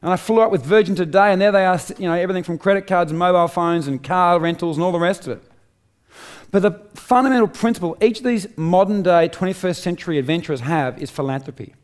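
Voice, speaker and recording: A middle-aged man from Australia speaks at a quick pace in a high-pitched voice, delivering a live motivational talk on stage. He drives his message home with rhetorical questions and forceful repetition.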